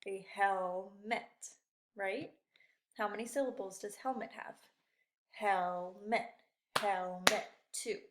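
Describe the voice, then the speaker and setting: A woman teaches young children from afar, talking them through their worksheet step by step. She speaks slowly and patiently, at a middling pitch, with an encouraging tone. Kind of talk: remote lesson for young children.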